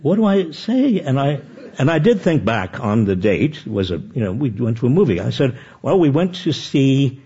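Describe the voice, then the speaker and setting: An older man telling anecdotes as a guest author, with animated and self-deprecating restarts. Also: mid-range voice, moderate pace, breathy edge, dull audio. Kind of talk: conversational storytelling.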